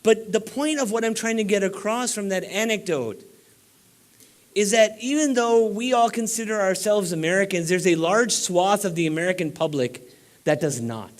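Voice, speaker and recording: A man's voice: sits high, moderate pace. A man giving a banquet keynote speech in a room of about four hundred people, urging the audience on with emphatic, exhorting delivery. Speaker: keynote speaker.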